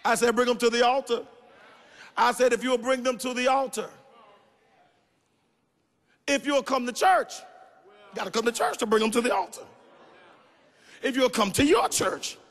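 A man preaching a sermon, building emphatic lines into shouted sing-song cadences and calling for responses from the congregation. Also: very high voice, normal speed, pauses often. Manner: calls for audience responses. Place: large church sanctuary. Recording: reverberant church hall.

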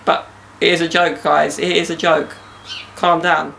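A young man chats loosely and jokily on his podcast, dropping slang as he goes. His voice sits a little high and has a gravelly, creaky edge. Faint outdoor hiss runs underneath. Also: little pitch movement, unhurried, pushed and bright. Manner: joking banter with slang. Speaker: podcast host. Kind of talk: casual podcast chat. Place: outdoors in a garden.

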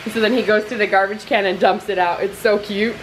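This young mom speaks at a quick pace with a medium-pitched, steady tone. Filming her family vlog indoors and out in the backyard, she chats easily and gets playful and sing-song with her little one, with breeze and background noise on the recording.

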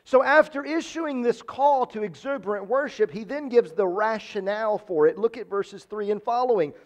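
A man with a strikingly high voice preaches a sermon as pastor. He talks emphatically, circling back to the same phrases to drive each point home. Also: normal speed, muffled recording. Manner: emphatic, repeats phrases for stress. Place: church.

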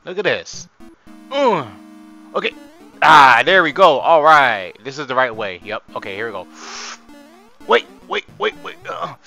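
A young man giving chatty, excitable gameplay commentary as host, talking to viewers and swearing, a bit hoarse from screaming. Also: mid-range voice, unhurried, long pauses, faint music behind. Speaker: gaming channel host.

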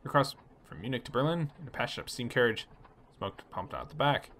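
Gravelly, lively man narrating gameplay. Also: medium pitch, brisk, a little hiss or hum. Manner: relaxed, reads story text then chats about choices. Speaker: let's play host. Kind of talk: casual gameplay commentary reading game text aloud.

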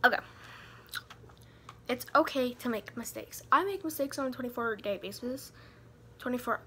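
A woman's voice: a little high, normal speed, pauses often, pushed and bright, a little hiss or hum. A teenage girl giving rambling, self-mocking advice in a casual vlog, giddy from too much sugar. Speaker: vlogger.

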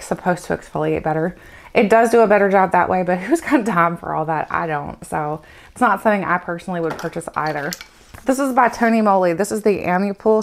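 A woman in her thirties chatting candidly through a beauty product review, with lots of "like" fillers. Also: on the low side. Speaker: beauty vlogger reviewing samples.

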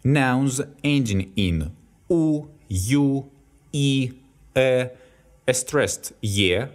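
A man's voice: mid-range voice, lively intonation, extremely slow. A man with a Russian accent, a native Russian tutor giving a language lesson, reading each word, then an example sentence, then its translation. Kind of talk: slow, deliberate language lesson.

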